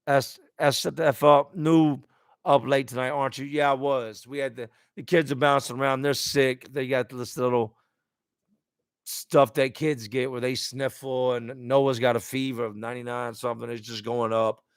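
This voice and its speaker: A man's voice: medium pitch, flat delivery, normal speed, clean tone, no room sound, clean studio sound. A man hosting a live stream, reading out viewer comments and talking candidly and emotionally. He speaks casually and bluntly, swearing at times and repeating words as he searches for them.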